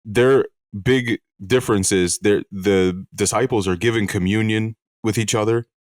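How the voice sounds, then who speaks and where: A man co-hosting a comedy podcast, deadpan and mock-solemn in casual chat. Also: lowish voice, moderate pace, no room sound, clean studio sound. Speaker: podcast co-host.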